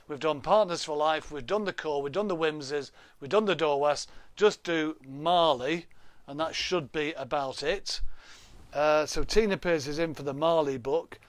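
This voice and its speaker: A man's voice: on the high side, no room sound. Chatty man hosting a live stream. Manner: chatty, jokey, reads out viewer names, laughs often. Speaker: livestream host. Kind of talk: casual live stream chat. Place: home room. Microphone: laptop webcam.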